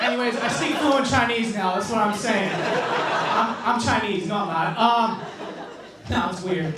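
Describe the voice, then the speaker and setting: A man's voice: high voice, unhurried, over loud music. A young man from South Korea with an American-influenced accent, doing a self-mocking, swearing stand-up set in a comedy club. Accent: American-influenced English. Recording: echoey club from far mic, crowd.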